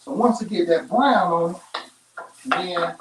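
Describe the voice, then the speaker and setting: Cooking host, male, chatty and down-home, fairly high voice, distant roomy sound. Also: measured pace, slight background noise. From Chicago. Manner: chatty, folksy, talks straight to viewers. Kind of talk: live cooking demonstration. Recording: roomy kitchen, off-mic.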